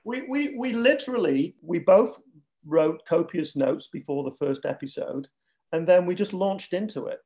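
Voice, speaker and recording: Middle-aged Mancunian man, jokey guest, slightly high voice. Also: lively intonation, moderate pace, warm tone, lo-fi sound. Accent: Northern English, Manchester. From Northern England. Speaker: podcast co-host, guest. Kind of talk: casual radio chat.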